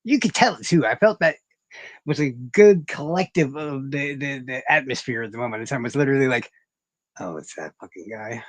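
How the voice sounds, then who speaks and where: This livestream host has a mid-range voice, speaks a little fast, and is recorded with no echo. He chats casually with his viewers in a rambling, profane, self-mocking way.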